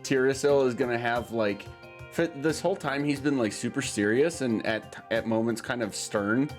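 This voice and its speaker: A man's voice: mid-range voice, moderate pace, faint music behind. A man runs a tabletop game as game master, his narration loose and rambling, full of ums and giggles. A faint musical track plays under his voice.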